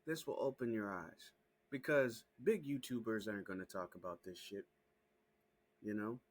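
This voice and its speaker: A man hosting his own small channel, ranting straight to camera in a heated, profane, repetitive way that climbs into shouting. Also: lowish voice. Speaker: small YouTube channel host. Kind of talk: casual direct-to-camera rant.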